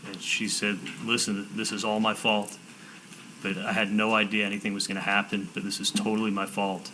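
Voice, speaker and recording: A defendant gives courtroom testimony in a low, bright, forceful voice with little pitch movement, speaking in halting bursts and restarting and repeating words as he recounts conversations. The audio is poor, with faint room hiss behind him.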